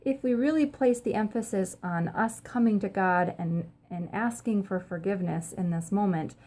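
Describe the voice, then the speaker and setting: A woman pastor talks straight to camera in a relaxed, upbeat teaching style, her pitch sitting in a middle range. She keeps things chatty and friendly, dropping in frequent ums as she explains. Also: moderate pace. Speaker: pastor and host of a short church video series. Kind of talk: casual teaching talk to camera.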